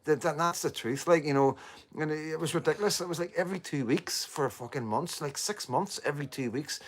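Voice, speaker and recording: A man's voice: fairly high pitch, fairly quick. A man with a Northern Irish accent talking to viewers on a casual live stream, rambling with lots of repeated fillers and the odd swear word. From Northern Ireland.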